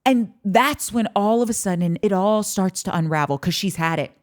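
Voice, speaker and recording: Speaking at a moderate pace with a medium pitch, a woman gives casual podcast commentary on a reality show. She's animated, curses freely, and bursts into performed quotes.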